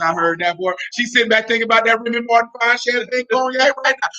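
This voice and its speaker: A man preaching a sermon in street slang, talking animatedly and breaking into shouts. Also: very high voice, steady tone, fast talker, few pauses. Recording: dull lo-fi recording.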